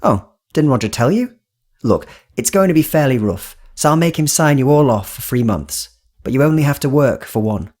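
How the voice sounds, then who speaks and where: A man voicing a slick, friendly young businessman in an audiobook, talking in breezy, quick salesman patter a little above his own pitch. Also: expressive, a little mellow, lightly acted.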